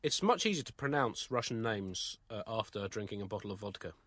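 A man co-hosting a comedy podcast, reading jokes in a deadpan, mock-solemn way and bantering. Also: lowish voice, fairly quick, dry recording. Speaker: co-host.

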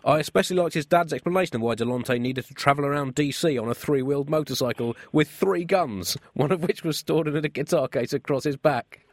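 A man co-hosting a comedy radio show with wry, deadpan delivery. His voice is dry and close on a studio mic. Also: on the high side, brisk, hardly any pauses, no echo. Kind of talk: comic radio banter.

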